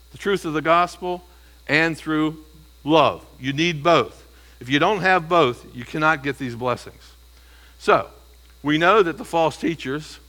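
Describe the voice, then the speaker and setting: Over poor audio, a pastor's mid-range voice comes through bright and forceful as he gives an expository sermon verse by verse. His delivery is conversational, with frequent "okay?" and "you see" checks on the congregation.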